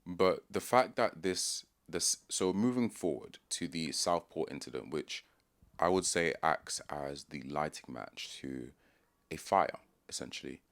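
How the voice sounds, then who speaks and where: A young man with a London accent talks through his views in a loose, unscripted monologue. His voice sits very low, and he often stops, restarts and reworks a sentence as he goes. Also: fairly bright tone. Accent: London English. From London, England. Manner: thinking aloud, restarts and pauses mid-sentence. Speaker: video commentator. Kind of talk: casual opinion monologue.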